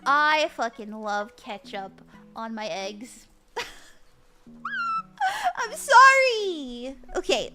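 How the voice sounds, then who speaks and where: Young woman doing tarot on stream, high lively voice, lots of giggles, chatty. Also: slow pace, loud music behind the voice. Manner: giggly, bubbly, chatty with viewers. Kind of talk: casual live-stream tarot reading.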